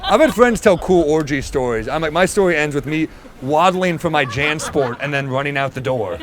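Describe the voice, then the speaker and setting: A man, a stand-up comedian telling a long, self-deprecating story in an animated way. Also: on the high side, moderate pace, a crowd in the background.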